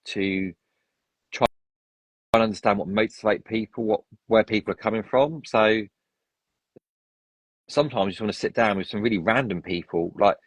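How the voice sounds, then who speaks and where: A man's voice: on the low side, normal speed, pauses often, slightly rough, dry recording, poor audio. A man chatting as a podcast guest, opinionated and rambling with frequent restarts. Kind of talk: casual chat.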